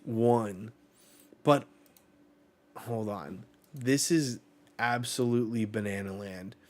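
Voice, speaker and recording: A man hosting a live manga reaction, reading the panels aloud and reacting with excited swearing. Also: lowish voice, slow pace.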